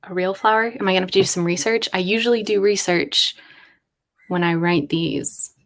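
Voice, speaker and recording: Woman rambling as she thinks aloud. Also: medium pitch. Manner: thinks aloud, rambling, quick asides and laughs. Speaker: writer livestreaming with chat. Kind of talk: casual live-stream chat.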